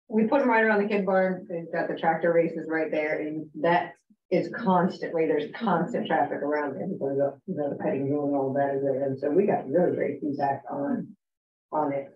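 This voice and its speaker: A woman's voice: low voice, normal speed, a little hiss or hum. A woman telling a story in a casual group discussion, chatty and laughing now and then. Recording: roomy, distant, dull table mic.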